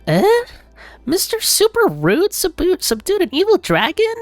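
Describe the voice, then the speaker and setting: A man voicing a tiny, excitable female fairy companion in a high, squeaky voice while reading a video game aloud. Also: measured pace, dry recording, faint music behind, exaggerated voice. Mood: surprised.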